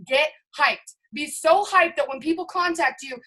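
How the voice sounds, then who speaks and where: Hyped high-voiced woman giving a pep talk. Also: normal speed, pushed and bright, rough recording. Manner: hyped, emphatic, addresses listeners directly. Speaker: network marketing team leader. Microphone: video call.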